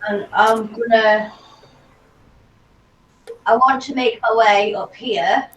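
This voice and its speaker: A woman's voice: on the high side, fairly even intonation, slow, a bit bright. A woman playing a tabletop game, asking the game master matter-of-fact questions. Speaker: player. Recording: roomy, distant, dull mic with faint hiss.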